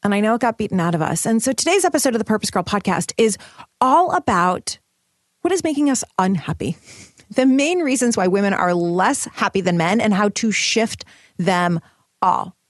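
A woman hosting a solo podcast, bubbly and emphatic as she rallies her listeners. Her pitch sits in an ordinary middle range. The sound is close and dry. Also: animated, moderate pace, dry recording. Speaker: podcast host. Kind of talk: upbeat solo podcast talk.

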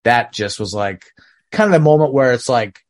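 A man's voice: mid-range voice, animated, normal speed. A man hosting a podcast who casually retells film scenes in a rambling way, leaning heavily on "like.". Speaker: podcast host. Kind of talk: casual film discussion chat.

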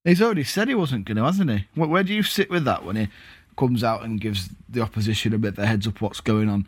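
A man co-hosting a casual football podcast from home, jokey and quick to laugh at himself. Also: fairly low pitch, expressive, breathy edge, no room sound, studio quality. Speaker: podcast co-host. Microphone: recorded at home.

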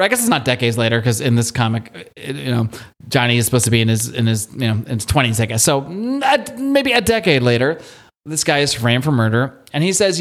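A man's voice: mid-range voice, lively intonation, brisk, a bit bright. A young adult man hosting a podcast, talking casually, rambling and laughing between thoughts. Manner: rambling, laughs often, restarts a lot. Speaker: podcast host. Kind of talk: casual chat.

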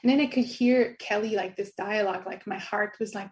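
A woman's voice: fairly high pitch, steady tone, fairly quick, a little mellow. A middle-aged woman telling a personal story in an interview, earnest and laughing often. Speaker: guest.

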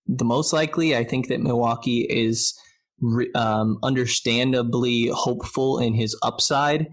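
Casual male podcast co-host, mid-range voice, loose and chatty delivery. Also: medium pitch. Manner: chatty, loose, lots of "like" and restarts. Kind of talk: casual sports podcast chat.

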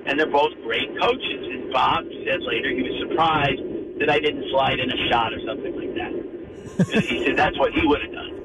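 A middle-aged man with a slightly high voice tells a long story as a radio guest, jumping into the voices of everyone he quotes. Heavy noise runs behind him on the broadcast line. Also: moderate pace. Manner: animated anecdote teller, acts out quoted voices. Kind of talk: phone-in radio interview storytelling.

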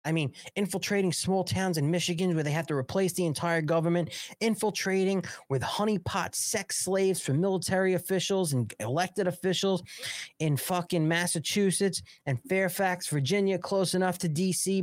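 Crude, mocking talk show host. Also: male voice, high voice, normal speed, no room sound, clean studio sound. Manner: crude, mocking, sarcastic rant; reads news aloud, then riffs on it. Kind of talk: live political talk show monologue.

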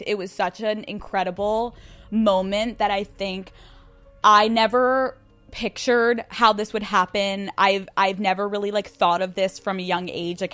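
A young woman from Pennsylvania hosting a podcast, telling a personal story in a casual, excitable way, swearing freely and saying "like" a lot. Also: medium pitch. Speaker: podcast host.

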